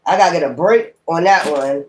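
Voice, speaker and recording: A woman's voice: low voice, a little fast. A woman tarot reader talking straight to her viewers in a blunt, heated rant full of cursing. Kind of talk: casual profane rant to viewers.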